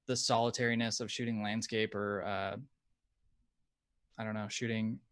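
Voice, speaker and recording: A man's voice: lowish voice, little pitch movement, moderate pace, smooth, no room sound, studio quality. An American man, a guest photographer, talking hesitantly and modestly in a casual chat. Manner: soft-spoken, hesitant, modest. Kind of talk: casual conversation.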